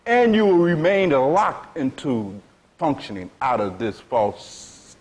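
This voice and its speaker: A man's voice: medium pitch, slow. A man teaching a sermon to a seated audience, speaking frankly in vernacular phrasing and repeatedly asking "you see?". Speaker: spiritual teacher.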